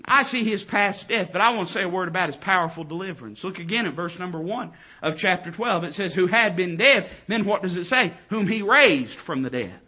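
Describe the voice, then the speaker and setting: A man preaching a sermon, dropping to quiet tones and rising to loud, drawn-out exclamations. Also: sits high, expressive, husky, muffled recording.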